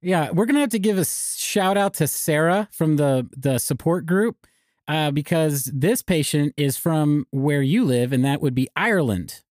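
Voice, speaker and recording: A man's voice: fairly high pitch, moderate pace, a little mellow, no echo. A man co-hosting a podcast in a casual comedic chat, giggly and self-deprecating. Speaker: podcast co-host.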